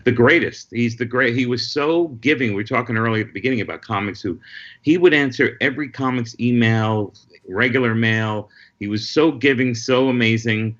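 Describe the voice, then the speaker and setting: A man, a guest comedian, telling lively anecdotes in casual conversation over a video call. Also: medium pitch, dull audio. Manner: lively anecdotal storyteller, quick asides. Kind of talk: casual storytelling chat.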